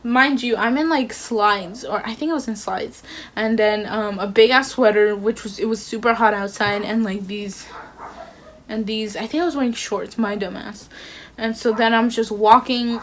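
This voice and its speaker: Young norcal girl telling a storytime, slangy, lots of likes, kinda high voice, faint hiss behind. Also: moderate pace. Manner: slangy, filler-heavy, acts out dialogue. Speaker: vlogger. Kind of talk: casual storytime.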